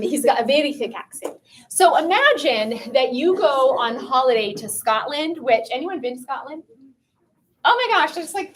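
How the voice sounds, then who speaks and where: Chatty higher-voiced woman giving a talk. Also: slight background noise. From Canada. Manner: lively, chatty, asks the audience questions. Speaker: pro-life speaker. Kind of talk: lecture to a student audience. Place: room with a piano and a live audience.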